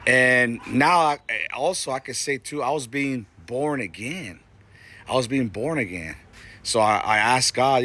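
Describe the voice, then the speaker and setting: A man in his forties tells his own faith story in a plain, mid-pitched voice. He talks in an earnest, halting way, stopping and restarting often and filling gaps with casual fillers. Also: bright, forceful tone. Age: 40s. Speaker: Christian testimony speaker. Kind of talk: personal faith testimony.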